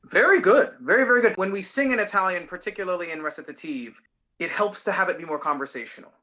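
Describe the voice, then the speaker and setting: A man's voice: high-pitched, fast talker, pushed and bright. A man teaching a voice lesson, patiently explaining and demonstrating lines by speaking and singing them.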